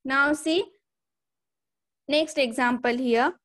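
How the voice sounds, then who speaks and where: A woman with a high-pitched, fairly bright voice takes her time teaching a grammar lesson. She explains step by step and keeps repeating "okay" and "see here."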